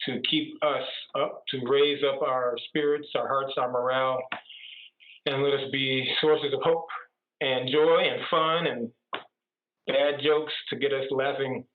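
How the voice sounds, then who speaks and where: Chatty priest on a tinny call. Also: male voice, mid-range voice, a little hiss or hum. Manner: chatty, playful. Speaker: priest, guest. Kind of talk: casual joke telling on a video call. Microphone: video call. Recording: tinny echoey video call.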